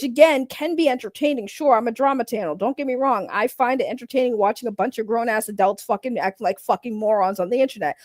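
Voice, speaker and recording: A woman's voice: on the high side, darkish tone, no echo, clean studio sound. A woman streaming live as host of a drama channel, ranting casually in a blunt, profane, mocking way.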